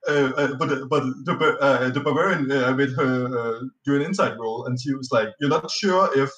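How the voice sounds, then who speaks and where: This guest's delivery is brisk, his medium-pitched voice fairly bright with fairly even intonation. A native Danish speaker, he chats casually on a podcast, rambling through a tabletop gaming tale with plenty of fillers, restarts and swearing. His audio has a roomy echo and sits a little off-mic.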